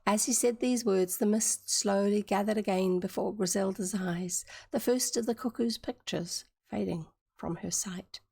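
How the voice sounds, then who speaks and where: Gravelly New Zealand woman reading aloud. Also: mid-range voice, darkish tone. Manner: chatty asides, pauses to explain words. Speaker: streamer reading a book aloud. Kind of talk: live-streamed book reading.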